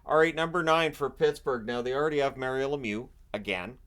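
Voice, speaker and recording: A male hockey channel host goes over his picks in a rambling, joke-filled solo talk. He speaks briskly at medium pitch with a fairly bright tone, and a washer can be heard running nearby at home.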